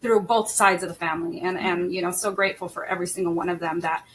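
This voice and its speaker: A middle-aged woman hosts a casual podcast, talking in a bright, clear voice. She is emotional and laughs easily, and she fills her sentences with "like" and "you know.". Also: fairly low pitch, steady tone, fast talker, a little hiss or hum. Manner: emotional, laughing often, many fillers. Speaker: podcast host. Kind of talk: casual chat.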